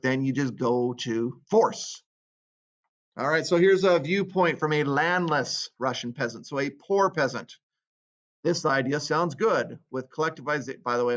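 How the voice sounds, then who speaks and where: A man teaching a history lesson in a casual way, reading out quotes and then commenting on them. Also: mid-range voice. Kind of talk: classroom history lecture. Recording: dull lo-fi recording.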